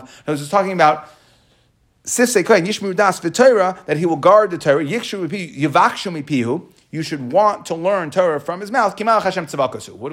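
Guy going thru talmud, talks quick, voice a bit high. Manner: reads Aramaic passages and explains them in casual English. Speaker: Talmud teacher. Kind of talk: Talmud class, explaining the text.

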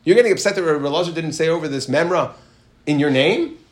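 Animated man teaching a Talmud lesson. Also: fast. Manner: reads Aramaic text then explains in English, animated rises in pitch. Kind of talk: Gemara lesson, reading and explaining.

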